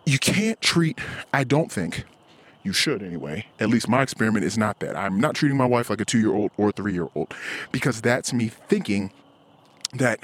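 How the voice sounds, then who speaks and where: A man's voice: lowish voice, animated, normal speed, breathy edge. A man hosting a casual solo podcast while walking outdoors, rambling and profane, sometimes acting out the voices of the people he talks about. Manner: acts out quoted voices. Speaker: podcast host. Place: outdoors, walking in a cul-de-sac.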